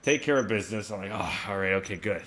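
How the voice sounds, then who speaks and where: A man co-hosting a casual chat, telling an animated story and acting out the quotes loudly. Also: lowish voice, fast. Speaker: co-host.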